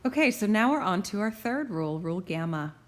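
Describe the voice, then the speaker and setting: A young adult woman teaching grammar rules, stressing key terms slowly and deliberately. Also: medium pitch, lively intonation.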